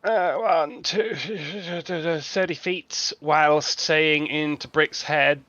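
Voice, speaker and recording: A man's voice: on the high side, extremely slow, few pauses, sharp tone, no room sound, dull audio. A man playing a tabletop game, describing his moves and speaking his character's lines. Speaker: player. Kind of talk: tabletop game role-play.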